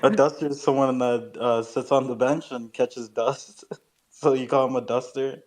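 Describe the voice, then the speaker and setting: A man from Canada with a Canadian accent jokes through casual banter. His voice is mid-pitched. He sounds relaxed and teasing. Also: moderate pace. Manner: joking, playful banter. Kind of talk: casual chat.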